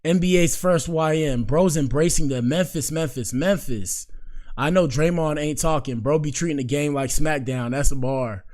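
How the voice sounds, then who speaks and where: A young man hosts a laid-back live-stream show, using loose slang and reacting out loud to clips and whatever's on his screen. His voice is fairly high and moves at a normal speed, animated as he talks back to the screen.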